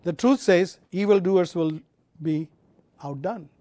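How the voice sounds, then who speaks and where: Impassioned high-voiced male preacher. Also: no room sound. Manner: impassioned, swinging from loud emphatic to quiet low; repeats phrases, draws out key words slowly. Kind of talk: sermon.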